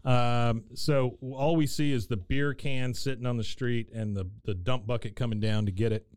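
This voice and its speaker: A man's voice: mid-range voice, steady tone, moderate pace, a little mellow, clean tone, no room sound. A man hosting a casual recap chat, telling the story in a meandering way, full of fillers. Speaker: podcast host.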